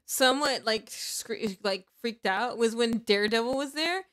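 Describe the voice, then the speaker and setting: A woman guest chatting casually on a stream, animated and excitable. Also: fairly high pitch. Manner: animated, excitable, quick to laugh. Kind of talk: casual chat.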